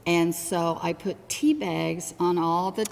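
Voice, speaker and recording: An older woman, a former state legislator, telling a story in a brisk, matter-of-fact way. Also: lowish voice, steady tone, gravelly, big-room sound, a little hiss or hum. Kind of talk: oral history reminiscing.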